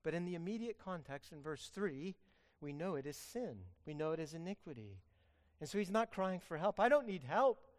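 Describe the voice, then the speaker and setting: A man preaching a sermon as pastor, earnest, swinging between loud pleading and hushed emphasis. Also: on the high side, lively intonation, normal speed.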